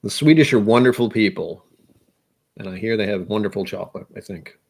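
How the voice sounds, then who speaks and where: A man's voice: fairly low pitch, fairly quick, gravelly, a little mellow, husky. A young American man hosting a whiskey channel, rambling casually and poking fun at himself. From United States. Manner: self-deprecating, musing aloud.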